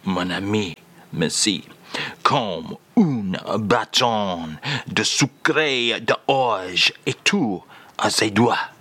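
A man voicing a suave, wistful middle-aged Frenchman with a mock French accent, speaking in a slow, dreamy, low croon for a comedy radio sketch. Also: animated, sharp tone, slightly rough, heavily acted.

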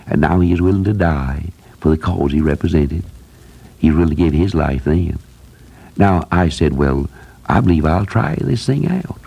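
Older male radio preacher, dark and raspy, earnest and emphatic. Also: deep voice. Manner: earnest, rising to emphatic repetition. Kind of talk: radio sermon.

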